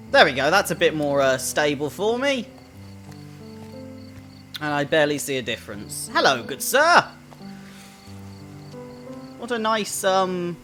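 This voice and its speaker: A man's voice: fairly high pitch, a bit bright. A man chatting casually and jokily while playing a video game. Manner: chatty, jokey, self-amused. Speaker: gaming video host. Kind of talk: casual let's-play commentary. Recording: voice over in-game music.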